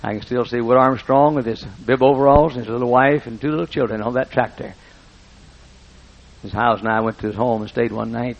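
In a dull, lo-fi recording, a man preaches briskly in a creaky, medium-pitched voice with fairly even intonation. This pastor's sermon is built on funny, down-home stories, and he often interrupts himself partway through a sentence.

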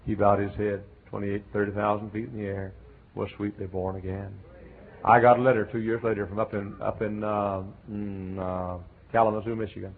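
A man's voice: on the low side, little pitch movement, moderate pace. A middle-aged man with a Southern American accent preaching a folksy, storytelling sermon. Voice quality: gravelly. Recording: tinny lo-fi phone-like recording.

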